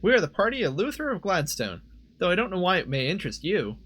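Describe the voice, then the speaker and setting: A man's voice: sing-song, fast, a bit bright, heavily acted. A man voicing a guarded young woman adventurer in a game, speaking in a raised, clipped, formal way. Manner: higher-pitched, clipped formal delivery.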